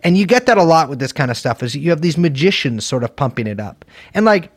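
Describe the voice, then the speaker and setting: A man with a fairly high, lively voice co-hosts a casual political podcast. He is sardonic and swears, leaping up in pitch to scoff at things. The recording is dry. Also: fast talker, no echo. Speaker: podcast co-host.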